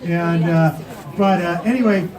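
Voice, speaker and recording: A man's voice: high-pitched, a little slow, a crowd in the background. A man hosting a live show, loose and chatty, often filling with "uh.". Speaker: show host. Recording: echoey room with background noise.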